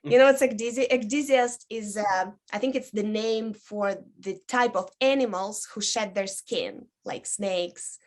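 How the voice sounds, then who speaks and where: A woman in her thirties, a burlesque dancer chatting as a guest, telling stories with many ums and likes and lively quoted voices. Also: medium pitch, unhurried, hardly any pauses. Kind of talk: casual interview chat.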